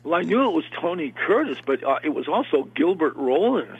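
An older man, an actor, telling an animated story in a casual interview, with lots of restarts and acted-out quotes. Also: fairly high pitch, fairly quick, slightly rough. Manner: animated, repeats and restarts, acts out quoted voices. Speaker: actor guest recalling film work. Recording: tinny phone-line sound.

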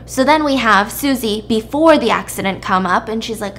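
Higher-pitched woman animatedly recapping a drama. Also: a little hiss or hum. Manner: animated storytelling with quick asides. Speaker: podcast host. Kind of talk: casual drama recap chat.

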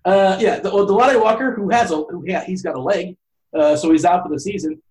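A man's voice: high voice, quick pace, darkish tone, rough recording. A man co-hosting a casual podcast chat, rambling with frequent restarts and lots of laughter. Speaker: podcast co-host.

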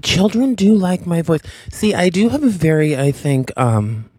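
A man co-hosting a podcast, soft-spoken and playful, quick to riff on a bit. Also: a little high, lively intonation, slightly rough, dry recording. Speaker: podcast co-host. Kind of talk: casual chat. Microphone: headphones and remote podcast mic.

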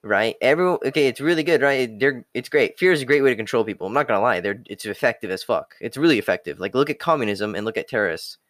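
A man's voice: mid-range voice, animated, fast, hardly any pauses, fairly bright tone, dry recording, studio quality. A young man giving a blunt, profane motivational rant, repeating catchphrases like okay and the hard truth. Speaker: self-improvement talker.

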